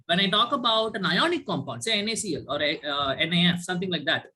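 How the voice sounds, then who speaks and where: The man's voice is high-pitched, expressive and sharp, and he talks fast, with a little hiss or hum on the video call line. He's teaching an online chemistry class, quizzing students and tagging points with "right?" often.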